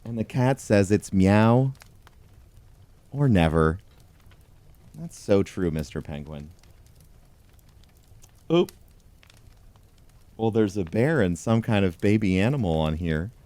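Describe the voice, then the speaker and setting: A man reading a pun picture book aloud as a comic bit, in a mock-solemn deadpan way, talking to a toy penguin. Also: fairly low pitch, a little slow, pauses often, no echo. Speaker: host. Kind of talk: deadpan comedic storybook reading.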